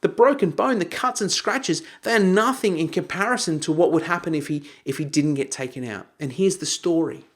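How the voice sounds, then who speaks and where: A man's voice: fairly high pitch, brisk, few pauses. A man coaching a group, teaching with acted-out examples and raising his voice for quoted lines. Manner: animated, acts out shouted quotes.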